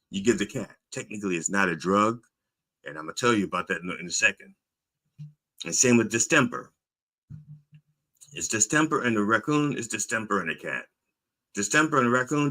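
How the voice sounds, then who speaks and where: Animated man telling a rambling story. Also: mid-range voice. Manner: animated storytelling, acting out both sides of a phone call; repeats words and restarts often. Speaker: host. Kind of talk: casual monologue.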